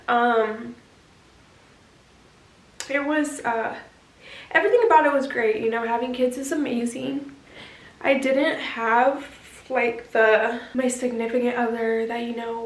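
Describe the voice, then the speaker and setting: Bubbly, gushing woman vlogger in a roomy room. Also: a little high. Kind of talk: casual chat to camera. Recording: roomy echo.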